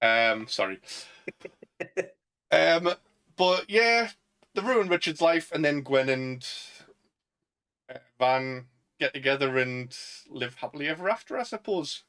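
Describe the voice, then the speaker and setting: A man's voice: a little high, sing-song, slow, long pauses, a bit bright, smooth. A man with a Northern English accent co-hosting a casual chat, laughing often and acting out film quotes. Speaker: podcast co-host.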